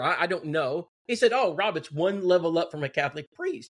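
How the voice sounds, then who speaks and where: A middle-aged man telling a story in casual, animated talk and acting out what others said. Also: fairly high pitch, fairly quick. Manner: animated, quoting others in dialogue. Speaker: guest telling a testimony.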